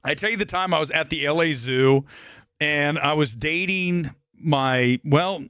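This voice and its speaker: A man hosting a casual live movie-review stream, talking in a brash, rambling way with frequent swearing and quick laughs. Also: on the high side, pushed and bright, smooth, no room sound, clean studio sound. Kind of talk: casual live-stream chat reading comments. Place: home studio near Los Angeles.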